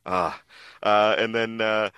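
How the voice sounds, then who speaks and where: A man's voice: slow pace, smooth, no room sound, clean studio sound. A man chatting casually on a podcast, reading comic pages aloud and slipping into silly voices for the characters. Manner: animated, puts on silly high voices for characters. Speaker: podcast guest.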